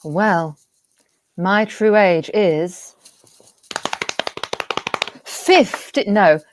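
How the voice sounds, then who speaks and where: A woman's voice: medium pitch, extremely slow. A woman in her thirties on a comedy panel, eagerly prodding with questions. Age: 30s. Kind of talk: casual comedic banter. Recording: background noise.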